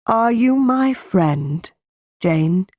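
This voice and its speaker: A woman voicing a firm, calm middle-aged gentleman in a slowly read storybook. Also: medium pitch, no room sound, clean studio sound. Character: brooding gentleman of the house, man, middle-aged.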